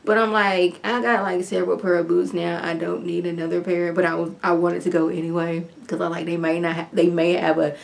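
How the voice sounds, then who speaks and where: A woman's voice: fairly low pitch, a little fast, vocal fry, few pauses. Chatty woman recapping a TV episode. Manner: chatty, animated retelling with lots of "like". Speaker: TV episode reviewer. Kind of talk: casual recap vlog.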